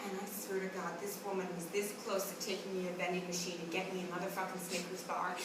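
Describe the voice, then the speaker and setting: A woman's voice: fairly low pitch, level tone, quick pace. A woman delivering a profane comic monologue, blunt and wry. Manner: blunt, heavy swearing, wry. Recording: echoey room from a distance, noisy.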